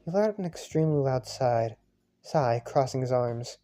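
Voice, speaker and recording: A man's voice: mid-range voice, animated, normal speed, dark tone. A man reading through a fan-made visual novel, narrating and chatting offhand, swearing freely, with faint music behind. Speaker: reader voicing a fangame. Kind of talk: casual let's-play reading.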